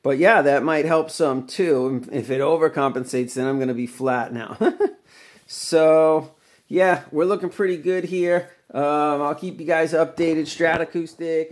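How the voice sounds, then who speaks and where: A man's voice: a little high, fairly even intonation, unhurried. A middle-aged man chatting casually as he walks through a home guitar repair, rambling with many fillers. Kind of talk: casual workshop vlog.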